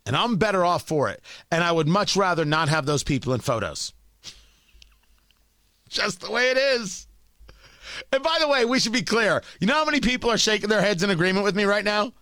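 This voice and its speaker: A man hosting talk radio, delivering an emphatic opinionated monologue that swings from loud scolding to low asides, on a studio mic. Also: big pitch swings, brisk, no echo. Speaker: radio talk show host.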